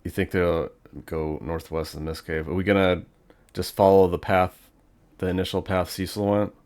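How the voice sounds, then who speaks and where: A man's voice: low voice, little pitch movement, moderate pace, a little mellow. A man giving casual, rambling commentary while playing a video game, thinking aloud with plenty of fillers. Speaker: gaming channel host.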